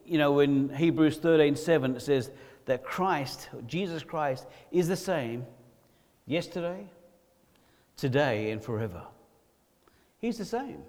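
Male preacher in a reverberant hall. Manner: swings between loud emphatic lines and low quiet ones. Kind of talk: sermon.

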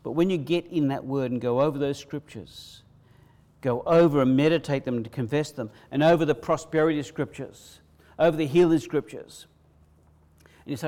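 A male pastor, preaching a sermon with emphatic repetition, swinging between loud bursts and quiet hushes. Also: on the high side, moderate pace. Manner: preaching with rising, emphatic repetition and sudden drops to a hush.

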